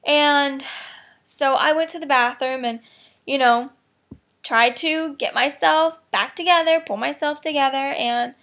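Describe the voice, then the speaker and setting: A woman with a high voice talks into her camera for a personal video diary, tearful and emotional. She rambles in a heartfelt way, her sentences full of fillers like "you know" and "like". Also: a bit bright. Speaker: vlogger.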